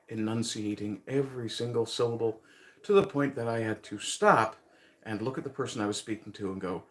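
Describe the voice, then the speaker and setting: This Canadian livestream host from Newfoundland, lightly accented, talks casually to viewers, thinking aloud with plenty of rambling and chuckles. His pitch is fairly low, his tone fairly bright.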